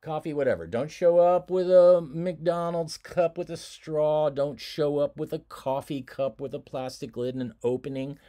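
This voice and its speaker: A man giving a recorded lecture as a college instructor, easygoing and joking, with frequent laughs and asides and big swings in pitch and loudness. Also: normal speed, few pauses.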